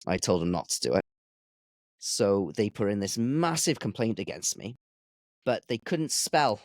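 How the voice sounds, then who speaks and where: A man's voice: fairly low pitch, unhurried, no room sound. Laid-back man telling kitchen stories. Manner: relaxed anecdotal storytelling. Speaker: podcast guest, chef. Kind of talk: casual chat.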